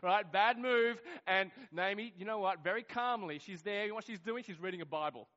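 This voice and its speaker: A man preaching a sermon, telling a family story with lively acted-out quotes and swings between loud outbursts and hushed moments. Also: sits high, brisk, highs cut off. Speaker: pastor.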